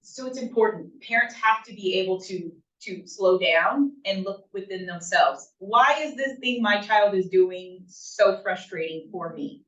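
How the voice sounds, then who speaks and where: A woman's voice: mid-range voice, measured pace, hardly any pauses, fairly bright tone. Lady giving a casual talk to parents, keeps asking "right?", sounds far from the mic, dull muffled audio. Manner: conversational, often checks in with "right?". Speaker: workshop presenter for parents. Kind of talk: informal talk to a parent group. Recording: roomy, distant, dull lo-fi room sound.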